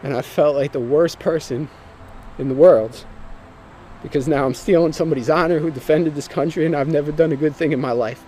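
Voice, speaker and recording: A man's voice: a little high, fairly quick, mellow, a little hiss or hum. A man earnestly and emotionally telling his personal testimony, sometimes repeating himself as he speaks.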